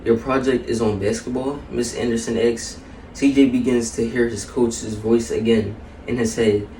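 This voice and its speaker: A man reading a children's story aloud in a steady, even storybook manner. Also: mid-range voice, normal speed, recorded from a distance, slight background noise. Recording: echoey room, a bit off-mic.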